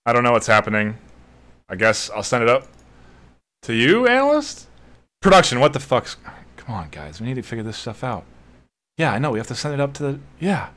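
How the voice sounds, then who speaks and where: A man's voice: mid-range voice, big pitch swings, a little fast, long pauses, a bit bright. A man casting a live esports match, rambling loosely and swearing casually. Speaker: esports shoutcaster. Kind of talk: casual live stream commentary.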